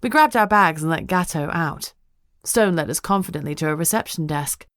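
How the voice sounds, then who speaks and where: A woman narrating a first-person audiobook in a wry, even storytelling way. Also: deep voice, moderate pace, no room sound, studio quality.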